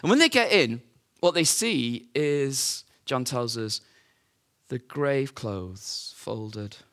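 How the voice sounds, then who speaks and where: A male preacher tells a story to his congregation in an easy, chatty way. He asks rhetorical questions and drifts between loud, lively moments and quiet ones, his voice at an ordinary middle pitch. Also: slow pace. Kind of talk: sermon.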